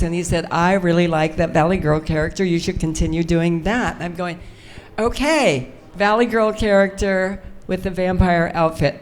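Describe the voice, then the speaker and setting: On a convention stage before a live crowd, an older woman guest spins self-deprecating, chatty anecdotes for a fan panel. Her voice is lowish, with a darkish tone.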